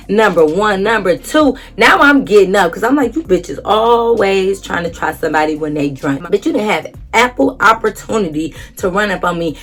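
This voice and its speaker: A woman's voice: medium pitch, a bit bright. A young woman vlogger telling a dramatic storytime story casually, acting out quotes and swearing freely.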